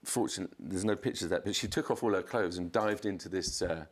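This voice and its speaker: A man, a podcast guest, telling a chaotic anecdote in casual chat, swearing and jumping up in pitch to act out quotes. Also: quick pace. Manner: animated storyteller, swears, acts out quotes in a raised voice.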